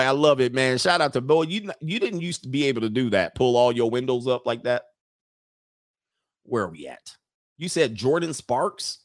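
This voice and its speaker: A man riffs through a casual livestream, blunt, loud and joking, laughing between lines. His voice sits at an ordinary middle pitch, and the sound is close and dry with no room around it. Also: no echo. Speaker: livestream host.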